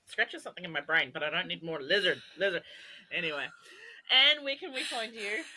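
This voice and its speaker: A woman's voice: fairly low pitch, animated, brisk, sharp tone, poor audio. A young adult woman co-hosting a podcast, telling a long rambling story with swearing and laughter. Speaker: podcast co-host. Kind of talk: casual chat.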